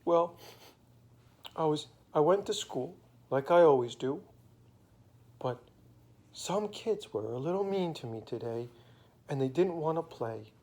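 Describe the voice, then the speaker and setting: A man's voice: a little high, lively intonation, measured pace, pauses often, warm tone. A man doing a sniffly, shy little girl. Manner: sniffly, stammering. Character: timid sad little girl.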